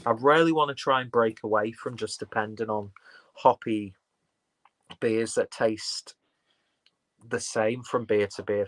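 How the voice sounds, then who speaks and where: A man's voice: on the low side, fairly bright tone. A man chatting casually on a live stream, rambling and full of fillers as he reads chat and looks at beers. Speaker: beer vlogger reading live chat.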